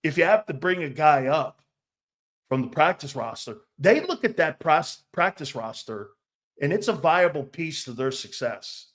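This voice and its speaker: A man's voice: fairly high pitch, expressive, unhurried, fairly bright tone. A man hosting a casual sports talk show, joking, rambling and laughing often between his points.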